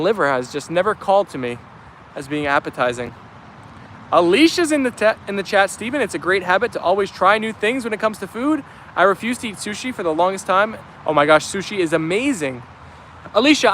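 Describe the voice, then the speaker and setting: Here the New Jersey vlogger with a New York Italian accent is reading live chat comments out loud, relaxed, upbeat and heavy on fillers. He sounds young, his voice sitting high with a fairly bright tone, and there's slight background noise.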